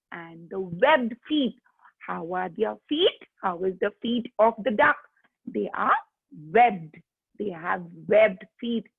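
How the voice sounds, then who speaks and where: A teacher of young children leads an online lesson in a coaxing, sing-song style, encouraging the kids to join in. Her voice is slightly high, husky, and slow, with no room sound but a tinny, phone-like line.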